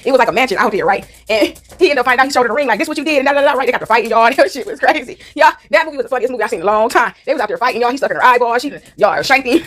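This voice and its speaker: A woman casually retelling a movie plot to her listeners, animated and laughing often. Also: on the high side, rapid-fire, hardly any pauses.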